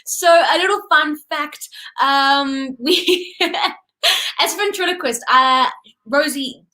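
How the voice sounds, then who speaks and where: A woman's voice: high voice, slow pace, sharp tone. A young woman ventriloquist, hosting casually, chatty and laughing often as she talks to camera. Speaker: host and ventriloquist. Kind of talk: casual cooking-show presenting.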